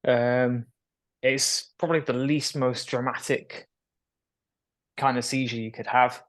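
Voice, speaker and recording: A man's voice: medium pitch, flat delivery, slow pace. A young man, a guest in an interview, telling his story frankly with occasional nervous laughs. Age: young adult. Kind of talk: candid conversational interview.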